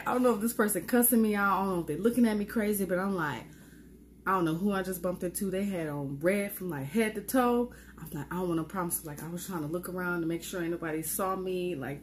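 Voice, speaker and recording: A young woman with a New York accent telling a casual storytime vlog, acting out her own reactions with squeals and talking in slangy, quick bursts. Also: fairly low pitch, a little hiss or hum. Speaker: vlogger.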